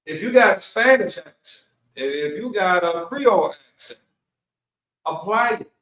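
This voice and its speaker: Relaxed man teaching, echoey and distant. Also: high-pitched, measured pace. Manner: casual, relaxed teaching with slang. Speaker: Bible Hebrew teacher. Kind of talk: online Bible study class. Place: Milwaukee, Wisconsin. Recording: echoey room, voice from far off the mic.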